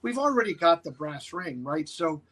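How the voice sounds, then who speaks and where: Animated man with a high, bright voice. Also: moderate pace, poor audio. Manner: animated anecdote-teller who slips into quoted voices. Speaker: guest actor. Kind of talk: casual storytelling.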